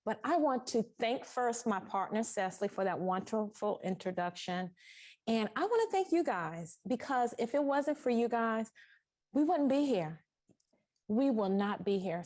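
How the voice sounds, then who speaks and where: Woman sewing instructor, warm-up talk to a live class, animated, congested, echoey studio. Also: fairly high pitch. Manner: emotional, animated, thankful. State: sinus congestion. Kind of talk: welcoming a live class before a tutorial. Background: construction noise next door.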